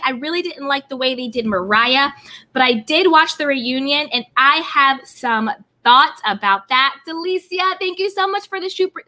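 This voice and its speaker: A woman's voice: high voice, pushed and bright. A woman hosting a live stream, chatting about reality TV in a bubbly way and greeting viewers by name. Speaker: YouTube host. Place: California home.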